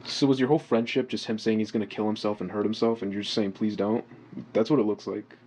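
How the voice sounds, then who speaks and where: A man's voice: on the low side, fairly even intonation, quick pace, darkish tone, poor audio. A man interviewing someone casually, asking questions in a mocking, amused way.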